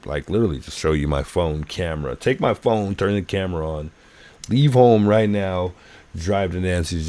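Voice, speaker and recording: A man hosting a livestream, commenting casually and thinking aloud with lots of fillers. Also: low voice. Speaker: livestream host. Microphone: phone.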